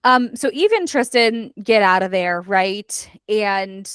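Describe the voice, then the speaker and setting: A woman's voice: medium pitch, lively intonation, measured pace, clear, resonant tone, no echo. A woman hosting a book club podcast, chatting casually with many fillers as she recaps a story and acts out character lines.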